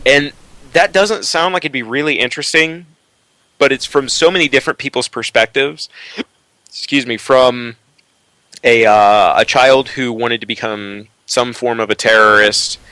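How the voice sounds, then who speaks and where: A man co-hosts a casual podcast roundtable, talking in a bright, forceful voice. He rambles and stammers, restarting his sentences, jittery from caffeine. The sound is dry and close. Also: mid-range voice, normal speed, clear, resonant tone, no room sound, poor audio. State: jittery from energy drinks. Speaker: podcast co-host.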